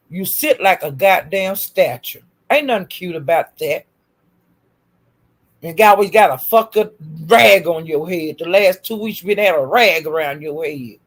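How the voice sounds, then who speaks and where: A woman ranting in a YouTube commentary, scolding and swearing nonstop with repeated insults. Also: on the low side. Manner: profane, scolding, repetitive insults.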